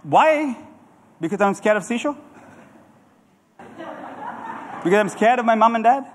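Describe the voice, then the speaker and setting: A middle-aged man preaching a sermon as a pastor, animated and calling on the congregation to answer back. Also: very high-pitched, takes it slowly, slight background noise. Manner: animated preaching with audience call-and-response. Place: church hall. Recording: church hall with long reverb.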